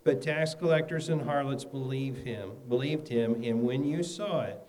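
A man's voice: medium pitch, moderate pace, darkish tone, rough recording. Man reading scripture aloud in church. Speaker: scripture reader. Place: church hall.

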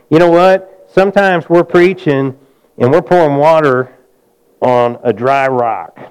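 A man preaching a sermon, swinging between near-shouts and a low hush and calling out to the congregation for amens. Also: low-quality recording. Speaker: pastor.

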